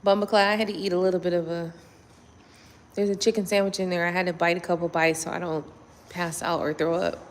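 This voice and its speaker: A woman's voice: fairly low pitch, flat delivery, quick pace, in a large hall, slight background noise. A woman doing a blunt, profane casual chat with her live viewers, talking to them from home at night. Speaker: tarot reader.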